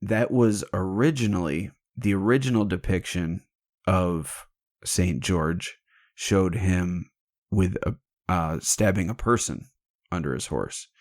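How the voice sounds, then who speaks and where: Taking his time, a podcast host with a low, a little mellow voice retells a legend in a loose, joking way. He swears freely, and the recording is dry and studio quality.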